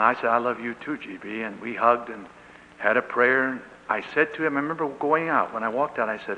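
An older man, a pastor, telling an earnest and animated story in a sermon, with emotional peaks. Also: medium pitch, fairly quick, a little hiss or hum. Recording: echoey hall on dull lo-fi tape.

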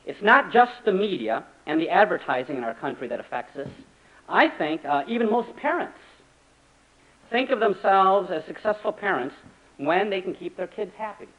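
A man preaching a sermon as a pastor, animated and acting out the voices he quotes. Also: high voice, normal speed. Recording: dull lo-fi recording.

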